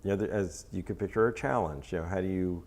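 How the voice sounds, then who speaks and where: A man being interviewed about his photography, talking in a hesitant, rambling way with many pauses. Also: low-pitched, darkish tone. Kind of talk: casual interview.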